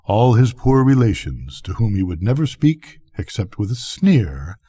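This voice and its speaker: A man's voice: fairly low pitch, sing-song, a little slow, mellow, breathy edge. An older man, a grandfather, reading a bedtime story aloud expressively.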